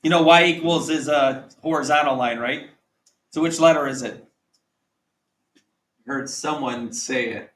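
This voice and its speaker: A man teaching a math lesson to a class, quizzing students with quick repeated questions. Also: a little high, a bit bright, a little hiss or hum. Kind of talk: classroom lecture. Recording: echoey classroom, mic at a distance.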